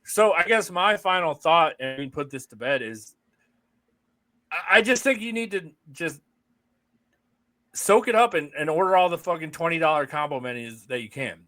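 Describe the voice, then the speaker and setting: Man, podcast co-host, slightly high voice, bright and forceful tone, swears a lot, teasing and sarcastic, casual banter. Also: lively intonation, normal speed, no room sound. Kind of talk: casual chat.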